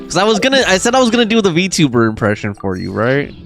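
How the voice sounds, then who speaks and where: Rambling streamer man, lively pitch. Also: fast talker, creaky. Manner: rambling, thinking aloud with laughs. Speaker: game streamer. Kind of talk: casual gameplay chat. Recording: faint game music behind.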